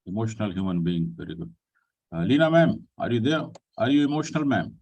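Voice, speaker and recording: A man hosting an online group discussion, who speaks politely and pauses often with fillers. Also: on the low side, very animated, a little mellow, far from the mic, rough recording. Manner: polite, addresses people with "ji" and "sir". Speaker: session host.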